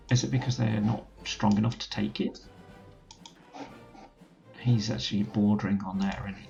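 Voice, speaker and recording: A man's voice: lowish voice, gravelly, a little mellow, highs cut off. A man commentating a strategy game let's play, thinking aloud as he gives orders to his units. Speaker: gaming channel host.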